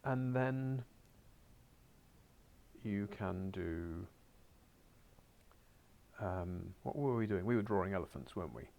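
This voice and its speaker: A man's voice: low-pitched, animated, takes it slowly, creaky, pauses often, a little mellow, muffled recording, a little hiss or hum. A man teaching a beginners' Spanish class, coaxing his pupils along with wry asides and muttered whispers, heard in a school classroom.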